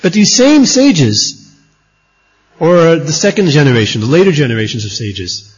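A man's voice: a little high, big pitch swings, moderate pace, breathy edge. A man teaching a scripture lecture as a religious teacher, emphatic and repeating his key points. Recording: dull lo-fi recording.

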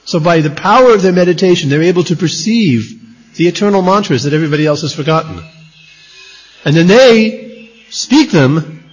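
A man's voice: a little high, husky. A man teaching a scripture lecture as a religious teacher, emphatic and repeating his key points. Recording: dull lo-fi recording.

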